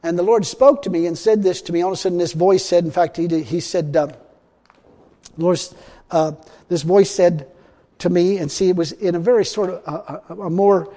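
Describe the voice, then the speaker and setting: A man preaching a sermon in a folksy way, repeating himself and swinging between loud and hushed. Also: high voice, steady tone, moderate pace. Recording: long hall reverb.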